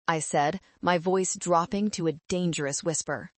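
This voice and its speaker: A woman narrating a first-person story in a measured, controlled way. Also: on the low side, no echo.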